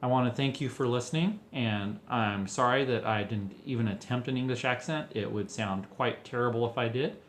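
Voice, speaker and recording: A man reading a fanfiction story aloud as an expressive storyteller. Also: mid-range voice, moderate pace, few pauses, a little hiss or hum. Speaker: fanfiction reader. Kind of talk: audiobook narration.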